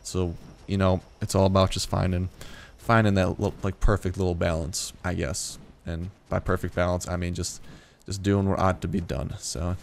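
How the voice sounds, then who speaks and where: A young man with a fairly low voice, chatting loosely as he plays a game late at night. He sounds tired, swears casually, restarts his sentences, and now and then his voice leaps up in startled disbelief. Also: steady tone, moderate pace, creaky, a little hiss or hum. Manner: chatty, swears freely, rambling with restarts, yelps in surprise. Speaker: gaming youtuber. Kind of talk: casual let's play commentary.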